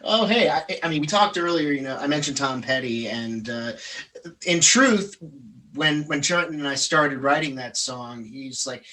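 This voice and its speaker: A man's voice: medium pitch, animated, moderate pace, pushed and bright, far from the mic, rough recording. A man from Pittsburgh, a singer-songwriter guest, chatting casually and rambling with many restarts. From Pittsburgh, Pennsylvania. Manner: rambling, lots of restarts and fillers. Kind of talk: casual interview chat.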